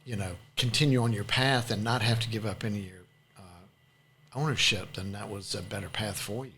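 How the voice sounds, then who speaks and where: A man's voice: on the low side, a little fast, pushed and bright, a little hiss or hum. A man hosting an interview podcast who answers with short affirmations and explains business points. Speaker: podcast host.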